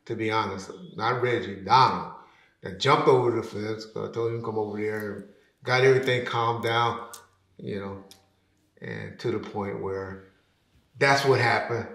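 A man telling a story as an interview guest, casual and slangy, acting out other people's lines loudly and trailing off into low mutters. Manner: animated, acts out quotes loudly; slangy, drops to a mutter at ends of phrases. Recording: roomy echo.

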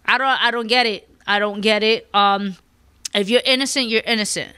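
A woman's voice: medium pitch, steady tone, normal speed, pushed and bright, clean tone, dry recording. A woman hosting a podcast, giving her opinions in casual chat in an emphatic, profane way, often checking "you understand?". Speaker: podcast host.

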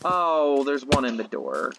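Woman, low and lively-pitched, excitable gameplay commentator who talks to herself and swears freely. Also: a little slow, gravelly, noisy background.

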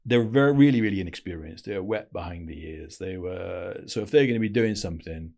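A man's voice: sits low, lively intonation, fairly quick, creaky, a little mellow. Man telling blunt, slangy stories. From Wales. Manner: blunt, slangy anecdotes with frequent restarts. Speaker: podcast guest, former intelligence operative. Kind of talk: casual storytelling interview.

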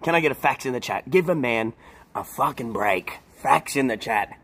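A man's voice: mid-range voice, expressive, normal speed, fairly bright tone, breathy edge. A young man streaming outdoors by a pool, chatting casually with his viewers and often bursting into laughter. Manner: laid-back, talks to chat, bursts into laughter. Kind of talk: casual live-stream chat.

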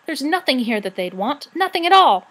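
A woman's voice: medium pitch, moderate pace, natural voice. Woman voicing a grumpy little female brownie. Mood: alarmed. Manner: grumbling, exclaiming. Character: grumpy female brownie, sharp and quick-tempered.

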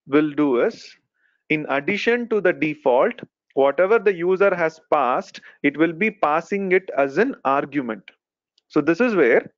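Lecturing man on a lo-fi call. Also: a little high. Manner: explains step by step, many fillers like "okay" and "right". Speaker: instructor. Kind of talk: live online technical lesson. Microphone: video call. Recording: dull lo-fi call audio.

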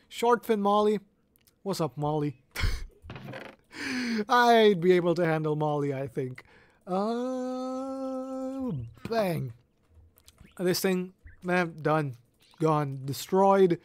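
Excitable gamer with a dry, close sound. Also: mid-range voice, takes it slowly, dry recording. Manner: excitable and playful, laughs often; mock-dramatic exaggeration. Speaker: gaming video creator. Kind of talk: casual gameplay commentary.

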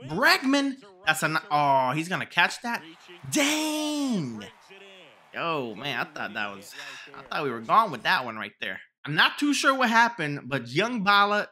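A young man giving live commentary over his own video game, casual and excitable, shouting at big plays. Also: a little high. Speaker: gaming channel host.

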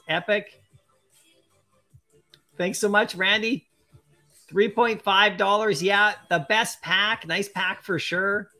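Streamer host, excitable and chatty, bright forceful voice, mid pitch, faint music bed. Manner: excitable and chatty, laughs often. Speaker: live-stream host opening collectible card packs. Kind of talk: casual live-stream chat, reading viewer comments aloud.

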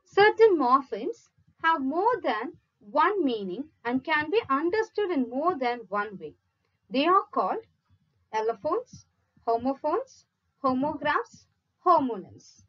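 A woman teacher slowly reading out multiple-choice questions, listing each option before giving the answer. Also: sits high, big pitch swings, muffled recording. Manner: measured, reads each option in a list then gives the answer. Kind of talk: slow read-out quiz lesson.

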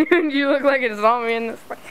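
A woman's voice: sits high, a little fast, a little hiss or hum, poor audio. A woman filming her dog at home, talking to it in exaggerated sing-song baby talk.

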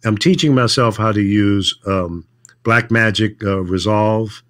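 Man, older, low voice, measured talk, casual chat, um and uh. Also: fairly bright tone. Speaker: radio veteran guest.

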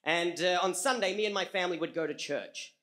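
An Australian man telling a comic story on a live stage, halting with frequent repeats and fillers. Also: high-pitched, fairly bright tone. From rural Australia.

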